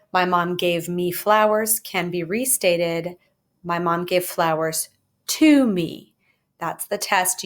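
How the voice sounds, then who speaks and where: A woman explains grammar in a recorded video lesson, lively and jokey, with playful asides. Her voice sits a little low for a woman. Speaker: Spanish teacher.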